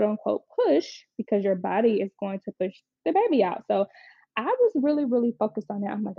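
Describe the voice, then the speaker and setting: Her medium-pitched, gravelly voice carries a frank, chatty account of her birth story, and this young adult mother often imitates what people said in lively tones. There's no room sound; the lo-fi recording is dry and a bit dull.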